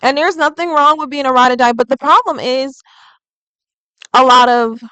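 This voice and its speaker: A woman's voice: high-pitched, normal speed, pushed and bright, smooth, dry recording, rough recording. A woman doing a casual tarot reading vlog, chatty and rambling, full of "like". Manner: chatty and rambling, heavy use of "like". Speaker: tarot reader.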